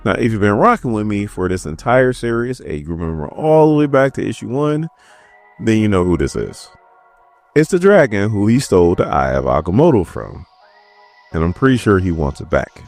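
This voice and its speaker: A deep-voiced man runs through a comic issue in a relaxed, joking way, with a voice that swings widely in pitch. He keeps breaking off to crack jokes and talk straight to his audience. Faint music plays underneath. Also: normal speed. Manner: joking, chatty, asides to viewers. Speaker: comic book recap host. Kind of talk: casual comic recap.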